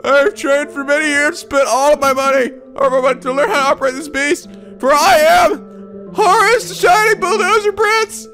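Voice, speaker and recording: A man voicing a whiny young bulldozer-driving hero who cries and wails in a high, strained voice. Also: normal speed, sharp tone, soft background music, full character voice. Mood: heroic crying.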